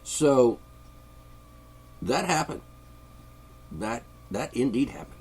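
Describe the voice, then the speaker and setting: A man's voice: mid-range voice, big pitch swings, takes it slowly, darkish tone, slightly rough. A man with congested sinuses, delivering a sarcastic, rambling political monologue from his studio. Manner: sarcastic, mocking, chuckling. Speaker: podcast host. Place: home studio.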